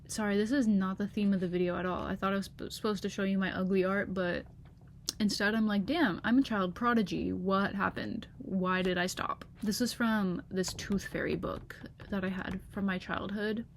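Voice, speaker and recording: A woman's voice: mid-range voice, slight background noise. Chatty young woman gushing over old drawings. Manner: chatty, gushing, lots of "like" and laughs. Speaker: vlogger. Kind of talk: casual chat. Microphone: laptop webcam.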